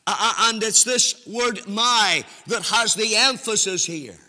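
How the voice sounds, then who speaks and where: A man preaches at a slow, deliberate pace, his voice high and very bright. His phrases rise into a sing-song lilt and stretch out for emphasis. The sound rings with the long reverb of a church hall. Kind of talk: sermon.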